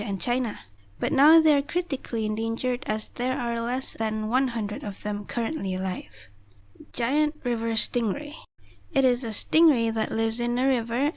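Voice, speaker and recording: A woman narrating a top-ten list video, reading a prepared script in short phrases. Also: fairly high pitch.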